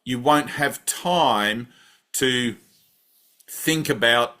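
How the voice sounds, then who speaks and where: A man's voice: mid-range voice, a little slow, fairly bright tone. A man giving a conversational spiritual talk and guiding a breathing practice, often checking in with "right?". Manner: conversational, keeps asking "right?". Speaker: spiritual teacher. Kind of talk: satsang talk with guided breathing.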